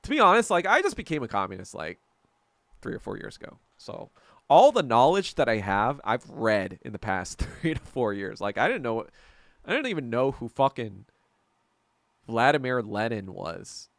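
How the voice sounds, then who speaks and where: A man in his thirties hosts a loose fireside-style podcast chat, wandering from one tangent to the next. His mid-pitched voice has a gravelly edge, and he restarts sentences often, swearing freely. The sound is close and dry, with little room around it. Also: very animated, normal speed, a bit bright, no room sound. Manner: rambling, profane, self-interrupting with tangents. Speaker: podcast host reading chat. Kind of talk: casual livestream chat.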